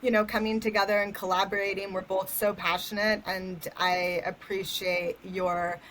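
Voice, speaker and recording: A woman's voice: mid-range voice, level tone, moderate pace, fairly bright tone, a little hiss or hum, low-quality recording. Laughing woman guest, stumbling over words. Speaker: doula and company cofounder guest. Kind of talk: casual interview chat.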